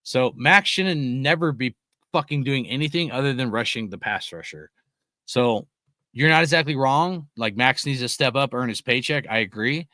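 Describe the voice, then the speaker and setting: Young male podcast host, fired-up and foul-mouthed, swears through every rant, medium pitch, close dry mic. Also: animated, moderate pace, no room sound. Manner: heated, swears constantly, loud bursts. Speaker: podcast host reading live chat. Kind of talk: profane casual sports rant.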